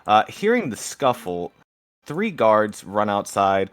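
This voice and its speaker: A young man running a tabletop game as game master, telling the scene in a lively way. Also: on the low side, takes it slowly, smooth, no room sound, clean studio sound. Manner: lively storytelling, slips into character voices.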